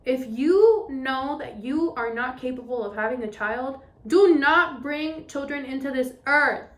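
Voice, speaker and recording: A young woman chats through a solo podcast episode in a candid, expressive voice that sits a little high. She swears freely, fills gaps with casual fillers, and her voice rings around an echoey room. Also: a little slow. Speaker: podcast host. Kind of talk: casual chatty podcast monologue.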